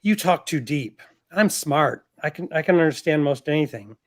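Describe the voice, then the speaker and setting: A man's voice: fairly high pitch, animated, moderate pace. A man reading the lines of a clever, anxious fourteen-year-old boy, blunt and pleading.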